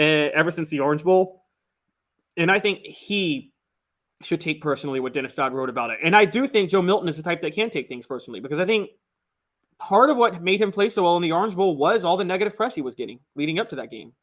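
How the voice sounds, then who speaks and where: A man co-hosting a sports talk show, opinionated and joking in casual chat. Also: on the high side. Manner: opinionated, laughs at his own jokes. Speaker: sports podcast co-host.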